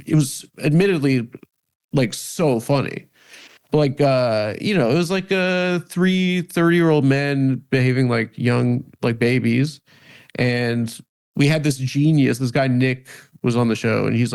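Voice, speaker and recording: Thirtysomething comedian guy rambling w lots of restarts, joking at himself, middle pitch. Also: creaky, darkish tone, clear, resonant tone. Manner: halting, many restarts and "like" fillers, self-deprecating. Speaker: comedian and podcast host, guest. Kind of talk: casual interview conversation.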